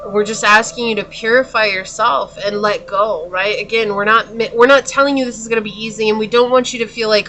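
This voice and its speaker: A woman's voice: fairly high pitch, fairly even intonation, fairly quick, hardly any pauses, sharp tone, slight background noise. A woman doing a pick-a-card tarot reading, talking straight to the viewer in an earnest, consoling way. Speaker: tarot reader.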